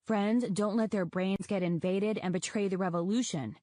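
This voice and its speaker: A woman's voice: mid-range voice, fairly even intonation, moderate pace, warm tone, dry recording, close to an everyday voice. A woman voicing a small, timid female dragon who sounds fretful, in a storybook reading. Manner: fretful, muffled.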